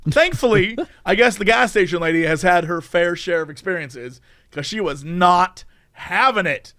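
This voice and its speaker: A man's voice: sits high, moderate pace, bright, forceful tone. A man co-hosting a podcast, telling a story in casual chat and laughing often as he goes. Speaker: podcast co-host.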